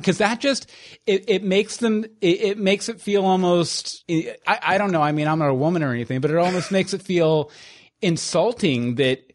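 A man co-hosting a podcast in casual chat, opinionated, with many restarts. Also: high voice. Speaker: podcast co-host.

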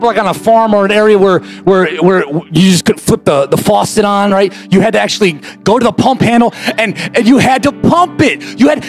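Pastor, male, high gravelly voice, fiery shouting sermon delivery in a church, faint music under. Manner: impassioned, shouting preacher. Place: church sanctuary.

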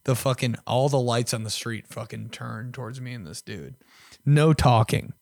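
A young podcast host tells crude, self-mocking stories in a loose, chatty style, his middle-pitched voice often swinging between loud and hushed. He talks at a moderate pace with a creaky quality. The recording is dry and close, with no room echo.

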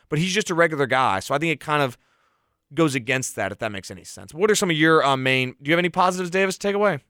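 A man's voice: a little high, smooth, dry recording, studio quality. A man co-hosting a podcast, giving a casual, opinionated film review and laughing as he goes. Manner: opinionated, animated critique with laughs. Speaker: podcast co-host.

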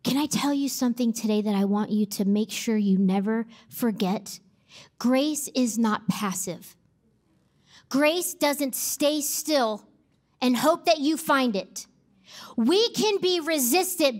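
Woman pastor preaching slow and high, hammers her points home by repeating them. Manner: emphatic, repeats key phrases for effect. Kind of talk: sermon.

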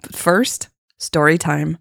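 A woman who hosts a podcast, reading a romance story aloud as scripted narration in a calm, even manner. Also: deep voice, slow pace, vocal fry, no echo, studio quality.

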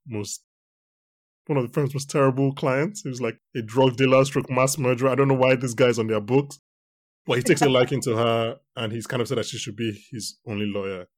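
A man's voice: mid-range voice, dry recording, clean studio sound. A man hosting a podcast, chatting casually and rambling with many restarts about a TV show. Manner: rambling, self-correcting, animated. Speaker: podcast host. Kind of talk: casual chat reviewing a TV show.

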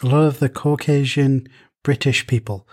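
A man's voice: mid-range voice, fairly even intonation, moderate pace, darkish tone. A man co-hosting a casual podcast chat, rambling with restarts and frequent ums.

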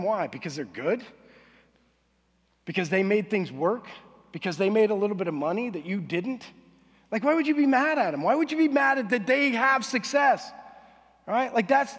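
Male pastor, fairly high voice, lively casual sermon delivery, long church reverb. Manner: animated, conversational, acts out quoted voices.

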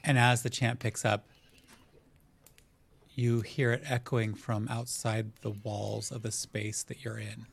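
A man narrating a tabletop game as game master, setting scenes in unhurried, descriptive detail. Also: on the low side, flat delivery, vocal fry, husky.

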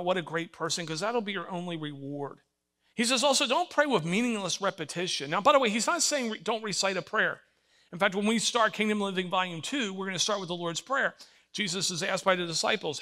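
Animated older man preaching a sermon. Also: sits high. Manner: animated storytelling, acts out voices, emphatic. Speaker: pastor.

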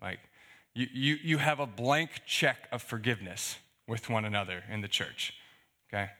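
A male pastor with a lowish voice and normal speaking speed gives a conversational sermon, reading scripture and explaining it through rhetorical questions. His preaching is animated and full of fillers.

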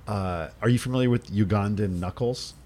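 A man's voice: on the low side, normal speed, darkish tone. A man co-hosting a podcast, telling rambling stories in casual chat and swearing freely. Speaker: podcast co-host.

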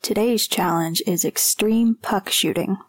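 A woman's voice: medium pitch, measured pace, lightly acted. A woman voicing a playful young male hockey player filming a video, cheerful and teasing.

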